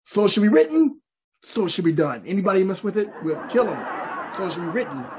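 A man putting on a high, whiny, near-tearful voice for a greedy American crowd. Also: big pitch swings, fairly quick, background noise. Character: wheedling, slightly nasal mob of American voices.

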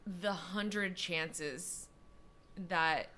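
A young woman co-hosting a podcast tells a story in a casual chat, full of fillers and quick asides. Her voice sits on the low side with a sharp tone, and there's slight background noise.

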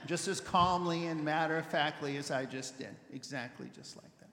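Man, high voice, pastor, animated conversational sermon, stumbles and repeats words, echoey church hall with long reverb. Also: normal speed. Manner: animated storyteller, repeats words while thinking.

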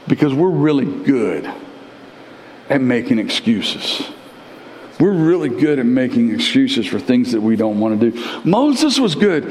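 A pastor preaches a sermon in a large church sanctuary, animated, with big pitch swings and repeated words for emphasis. His male voice is a little slow, and the recording carries long church-hall reverb plus slight hiss or hum.

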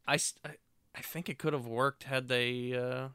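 A man's voice: medium pitch, little pitch movement, moderate pace, pushed and bright, clear, resonant tone, no echo. A man co-hosting a casual podcast, telling stories and tossing in dry, matter-of-fact quips. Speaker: podcast co-host. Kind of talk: casual chat.

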